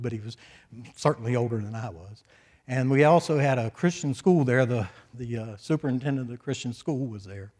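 An older man preaching, telling a personal story in a folksy, chatty way with asides, into a microphone. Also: mid-range voice. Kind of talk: sermon storytelling. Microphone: stage microphone.

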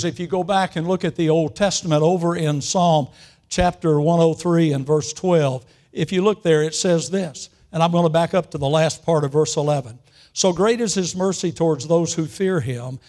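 High-voiced man preaching a folksy sermon. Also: a little mellow. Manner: storytelling, drawn-out pauses, frequent throat clearing. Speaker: pastor.

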